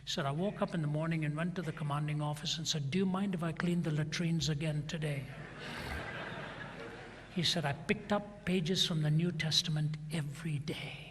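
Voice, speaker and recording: An older male preacher tells a story in his sermon, dramatically retelling it by acting out both sides of a dialogue. His voice is fairly high and fairly bright at a normal speed, with slight background noise and the long reverb of a large hall.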